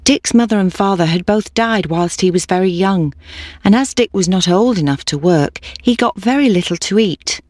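Storybook narrator, mid pitch, steady, dry close sound. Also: normal speed, no room sound.

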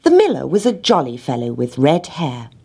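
Low husky woman reading a storybook. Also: normal speed. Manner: gentle reading with lively character voices.

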